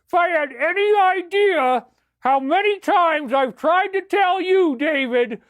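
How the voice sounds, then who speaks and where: A man voicing a furious middle-aged father who rants and yells at his son. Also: very high voice, lively intonation, slow pace, no echo, clean studio sound, voice pushed up, heavily acted. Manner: ranting, yelling, mock-religious outrage.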